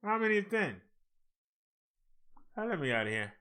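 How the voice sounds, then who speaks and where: A man's voice: sits high, sing-song, normal speed, sharp tone, clear, resonant tone. A man hosting a casual live chat, browsing online and grumbling at the screen while he talks to viewers. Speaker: channel host.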